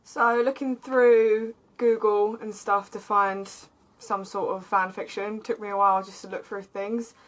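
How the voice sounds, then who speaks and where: A woman's voice: mid-range voice, flat delivery, unhurried, poor audio. A woman with an Essex accent reading fan fiction aloud in a casual vlog, with chatty, sarcastic asides.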